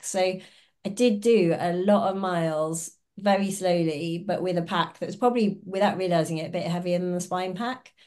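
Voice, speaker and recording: Chatty and lowish-voiced, the ultrarunner-oncologist shares stories as a guest in a casual podcast interview. She acts out the dialogue she quotes, laughing as she goes.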